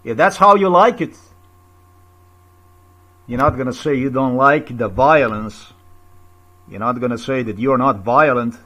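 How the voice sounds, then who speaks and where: A man's voice: medium pitch, measured pace, pauses often, bright, forceful tone. A man in a confrontational, repetitive video rant, full of rhetorical questions and swearing. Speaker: vlogger. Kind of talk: angry personal video rant.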